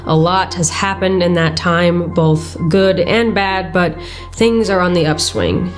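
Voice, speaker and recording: A woman hosting and narrating a true-crime show, congested and stuffy-nosed from a recent flu, her delivery earnest and measured. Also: fairly low pitch, faint music behind. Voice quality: stuffy, blocked-nose voice. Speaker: host. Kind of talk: chatty to-camera intro, then scripted true-crime narration.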